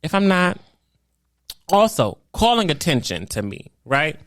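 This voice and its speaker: A man's voice: on the high side, unhurried, no room sound, clean studio sound. A man co-hosting a casual podcast chat, blunt and theatrical, acting out his reactions and swearing freely. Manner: animated, theatrical storytelling with acted-out reactions. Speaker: podcast co-host.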